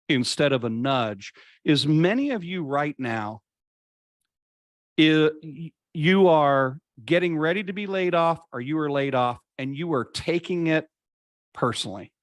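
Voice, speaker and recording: A man guest in an interview, telling a personal story in an earnest, reflective way and slowing down to stress key points. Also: on the high side, lively intonation, dry recording, clean studio sound. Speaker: podcast guest.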